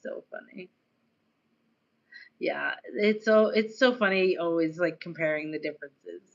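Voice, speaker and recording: A woman's voice: on the low side, a little slow, lo-fi sound. An American woman streaming casually, chatting in a rambling way with lots of fillers, her accent slightly tinged by years in Australia. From United States. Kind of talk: casual live-stream chat.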